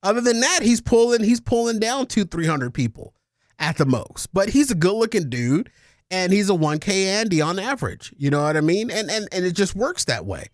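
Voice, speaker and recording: A man's voice: high-pitched, big pitch swings, moderate pace, dry recording, studio quality. A man co-hosting a casual podcast, ranting emphatically and swearing often. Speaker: podcast co-host.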